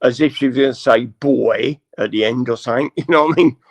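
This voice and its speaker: A man's voice: medium pitch, very fast. A man co-hosting a casual stream chat, laid-back and mocking.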